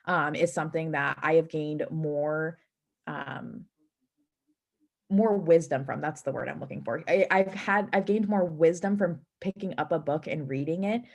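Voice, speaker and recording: A woman with a somewhat low voice shares earnest, practical advice on a team video call. She pauses on fillers and restarts now and then, in a steady, matter-of-fact tone. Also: gravelly.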